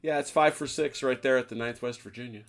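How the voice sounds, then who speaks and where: A man running a tabletop wargame as game master, relaxed and guiding players through the rules. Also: mid-range voice, fast, slight background noise.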